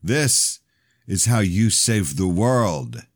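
A man playing a calm, solemn old priest. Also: low-pitched, very slow, no echo, studio quality, voice pushed up, full character voice. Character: stern older male priest with a knife.

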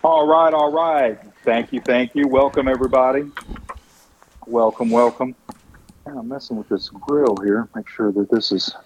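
A man's voice: mid-range voice, fairly even intonation, normal speed, darkish tone, muffled recording, slight background noise. A middle-aged man with a Texan accent, hosting a cooking show with folksy, chuckling banter and jokes. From Texas. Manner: folksy, chuckling, drawling asides. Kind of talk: casual banter and joke telling.

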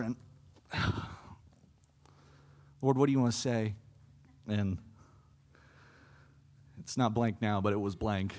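An earnest young man preaches a personal testimony from the pulpit, his voice sitting at an ordinary middle pitch. He swells from quiet reflection into impassioned, louder pleas. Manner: earnest, building to impassioned pleas with fluctuating loudness. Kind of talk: sermon testimony.

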